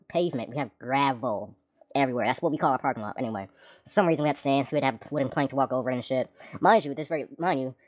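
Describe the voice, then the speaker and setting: Fast, low-voiced, profane woman storyteller. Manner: rambling, profane, joking asides. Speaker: vlogger telling a story. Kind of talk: casual storytime monologue.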